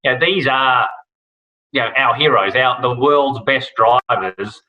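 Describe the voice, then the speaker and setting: A man's voice: medium pitch, a little slow, narrow, tinny audio. An Australian man talking casually as an interview guest, rambling with many fillers and restarts. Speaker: guest, rally broadcast host. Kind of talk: relaxed podcast interview.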